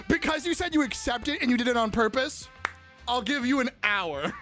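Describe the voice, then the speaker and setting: Lively, giggly streamer rambling to chat. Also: mid-range voice, moderate pace, music in the background. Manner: rambling, giggly, swears freely. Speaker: livestreamer. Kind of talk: casual chat with viewers.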